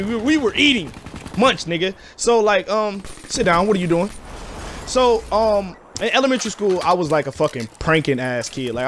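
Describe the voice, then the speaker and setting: Slangy young man, higher voice. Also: a little hiss or hum. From Detroit, USA. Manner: slangy, profane, animated. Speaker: gaming YouTuber. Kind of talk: casual storytelling over gameplay.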